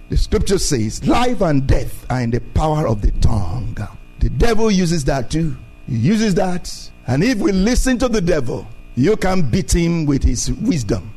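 Male pastor, high voice, repetitive emphatic sermon delivery, soft music underneath. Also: low-quality recording. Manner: repetitive preaching, rising emphatic declarations.

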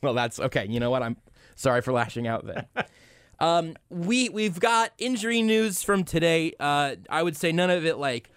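A young man hosting a sports talk radio show in a studio, joking and quick to laugh. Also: fairly high pitch, a bit bright, clear, resonant tone, no echo. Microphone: studio mic.

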